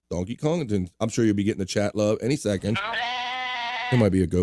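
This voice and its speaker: A man hosting a casual livestream, reading viewer comments aloud in an animated, jokey way and swearing casually. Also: fairly low pitch, brisk, pauses often, dry recording, clean studio sound. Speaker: livestream host.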